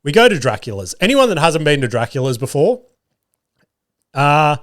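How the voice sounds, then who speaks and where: A young man hosts his podcast, telling a story in a loose, profane style. His pitch jumps around a lot as he mocks the people in it. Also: moderate pace. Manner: animated, swearing, mocking impressions. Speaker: podcast host. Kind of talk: casual storytelling monologue.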